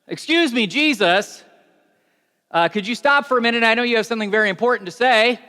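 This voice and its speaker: A man's voice: extremely high pitch, pushed and bright, voice pushed up. A man doing an eager, apologetic crowd member. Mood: urgent. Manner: hurried, apologetic. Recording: long reverb of a large hall.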